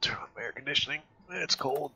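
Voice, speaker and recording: A man's voice: a little high, fast, gravelly, pushed and bright, breathy edge. A man chatting and joking while playing a game with a friend, laughing often. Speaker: gamer. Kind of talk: casual gameplay chat.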